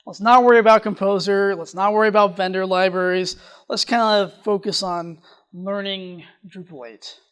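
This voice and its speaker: Conference presenter, technical talk, quick delivery, frequent restarts, mid-range pitch. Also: steady tone, clear, resonant tone. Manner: talks fast, restarts sentences often. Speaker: conference speaker.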